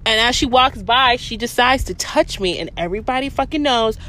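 A woman telling a story in a vlog, blunt and profane, animated in her delivery. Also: fairly high pitch, brisk. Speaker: vlogger.

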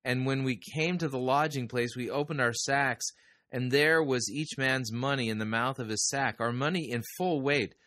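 A man preaching a sermon, reading scripture aloud and pausing to comment on it with quiet wonder. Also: mid-range voice, no echo, clean studio sound.

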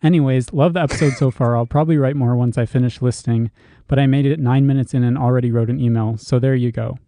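A man's voice: medium pitch, steady tone, fast talker, mellow, dry recording. A young man co-hosting a podcast, reading listener emails aloud with wry asides. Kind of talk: casual chat.

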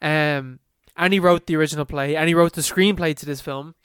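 A young man co-hosting a podcast, talking with a smooth, clear tone. He rambles casually, full of fillers and the odd swear, recorded dry and close. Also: on the high side, fairly even intonation, brisk, a bit bright, dry recording. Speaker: podcast co-host. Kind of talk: casual chat.

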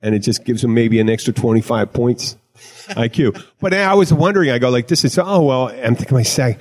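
A man's voice: medium pitch, fairly quick, a little mellow. A middle-aged man hosting a casual chat show, talking in a rambling way with restarts and laughs. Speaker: podcast host.

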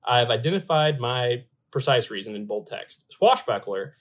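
Male podcast host, casual and animated, reads text aloud with playful emphasis. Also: medium pitch, moderate pace. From Louisville area, US. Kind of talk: casual podcast chat about beer.

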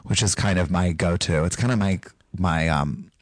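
A man from North Carolina with a Southern accent, chatting casually as a podcast guest and slipping into quick mock voices. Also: low voice.

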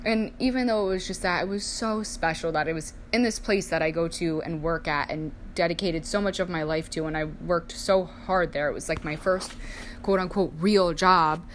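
A woman's voice: on the low side, moderate pace, slight background noise. A young woman casually telling personal stories, chatty, saying "like" a lot and acting out family members' lines. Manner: chatty, heavy use of "like", acts out family voices. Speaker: storyteller sharing personal life.

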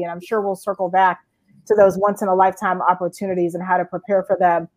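A woman in her forties from Georgia, recounting her career as an interview guest in a lively storytelling way with frequent fillers. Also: on the low side, fast talker. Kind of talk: conversational storytelling.

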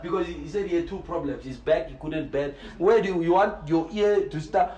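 A man, a preacher telling a story in an excited way, often repeating words and laughing as he talks. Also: fairly high pitch, a little fast, echoey room, dull audio. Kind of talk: animated storytelling.

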